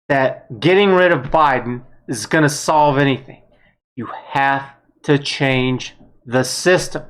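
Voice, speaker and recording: A woman giving a blunt, heated political opinion monologue, with some mild swearing. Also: low-pitched. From United States. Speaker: vlogger.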